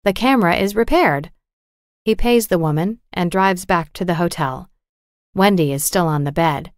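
A woman narrating a storybook for English learners with a clear, measured, carefully articulated reading. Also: fairly low pitch, dry recording, clean studio sound.

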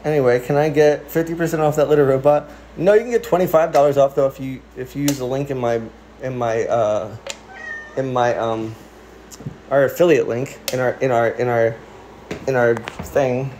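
A man's voice: normal speed, slight background noise, rough recording. A young man chatting casually on a livestream from his newly moved-into house. He rambles, restarts and corrects himself. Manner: coos to his cats in a high soft voice.

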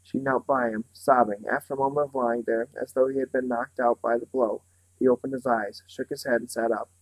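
A man reading a novel aloud in a steady, unhurried way, now and then slipping and starting a phrase over. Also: mid-range voice, rough recording. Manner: steady, unhurried reading with small slips and restarts. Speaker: reader.

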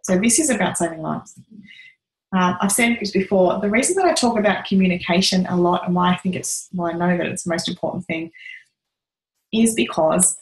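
Woman, lowish pitch, earnest parenting advice, echoey room. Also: animated, brisk. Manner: earnest, storytelling with many "um"s and acted quotes. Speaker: parenting educator.

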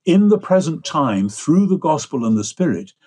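Husky older English man lecturing. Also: a little high, very animated, moderate pace, a little mellow. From England. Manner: discursive, lecturing. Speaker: guest theologian. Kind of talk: explanatory interview talk.

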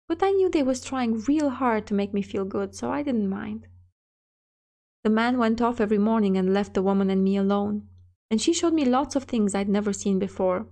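A woman's voice: a little high, a little mellow. A woman narrating a scary short story in the first person of a child, with a plain storytelling manner. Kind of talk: scripted horror story narration.

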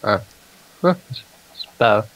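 A man's voice: fairly low pitch, animated, moderate pace, fairly bright tone, lo-fi sound, slight background noise. A man playing a game with a friend, teasing him dryly when he dies. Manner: dry teasing remarks. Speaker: gamer. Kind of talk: casual gaming chat.

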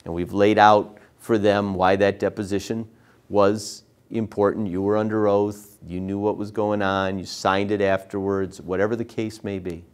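Speaking in a lowish voice with little pitch movement, at a moderate pace and with a clean tone, a man explains cross-examination one step at a time in a trial advocacy lesson. To illustrate, he raises his voice and acts out exchanges between a lawyer and a witness, posing sample questions.

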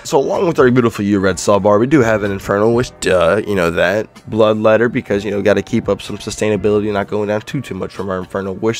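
A man's voice: fairly low pitch, quick pace, few pauses. A young man in his early twenties, a gaming YouTuber, doing hyped, slangy gameplay commentary full of playful trash talk. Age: young adult. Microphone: desk microphone.

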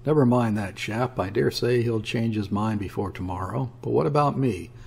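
A man voicing a boisterous, scornful young sailor who talks bluntly and roughly. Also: medium pitch, normal speed, darkish tone, a little hiss or hum, lightly acted. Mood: blustering. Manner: blunt, offhand and rough-spoken.

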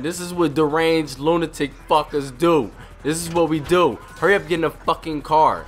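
Gamer dude doing commentary, cussing and trash talking nonstop, kinda high voice. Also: male voice, moderate pace, few pauses, a little hiss or hum. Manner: profane, excitable trash talk. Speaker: gaming channel host. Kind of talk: casual gameplay commentary.

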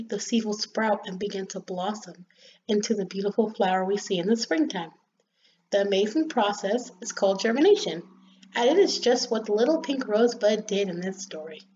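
A woman reading a children's story aloud in an expressive, gentle storytelling manner. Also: medium pitch, normal speed, slight background noise. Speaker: storybook reader. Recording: slightly dull lo-fi recording.

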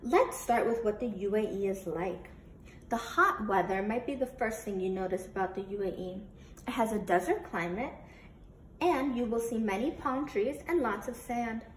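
A woman's voice: fairly high pitch, close to an everyday voice. Brief: proud wise male falcon, played by a woman, friendly guide, storybook, slight background noise. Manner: proud, reassuring. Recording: roomy with faint noise.

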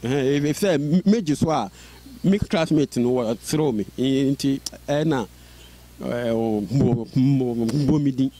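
A man's voice: medium pitch, measured pace, dark tone. A man who stutters, telling his life story in an interview and repeating sounds and words as he speaks. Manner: stutters, with repeated syllables and restarts. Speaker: interview guest.

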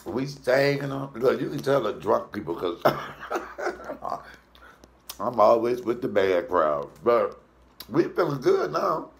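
Lively storytelling comedian with a gravelly voice. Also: male voice, takes it slowly, long pauses. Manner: animated, swoops into high falsetto for quoted voices, swears freely. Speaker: comedian cooking show host.

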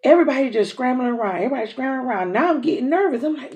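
A young woman telling a lively story over a meal, acting out each speaker's lines. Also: high-pitched, rapid-fire, hardly any pauses, a little hiss or hum. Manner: animated storyteller acting out dialogue, drawling. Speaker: mukbang host. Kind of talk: casual storytime while eating.

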